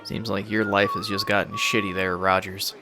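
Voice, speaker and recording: A man's voice: lowish voice, huge pitch swings, moderate pace, over music. A man casually commenting over a video game playthrough, rambling and swearing freely. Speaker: gameplay commentator. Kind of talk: casual let's play commentary.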